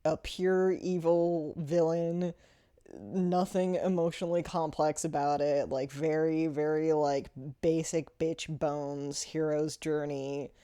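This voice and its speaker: A woman's voice: low-pitched, little pitch movement, slow, warm tone, smooth. A woman giving a casual, rambling movie review, full of fillers and frequent laughter.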